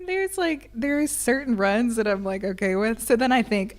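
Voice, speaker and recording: A woman's voice: fairly high pitch, moderate pace. A woman teaching ukulele who sings along to her own playing and chats casually, with frequent giggles. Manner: giggly, chatty. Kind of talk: singing along with ukulele, then casual chat.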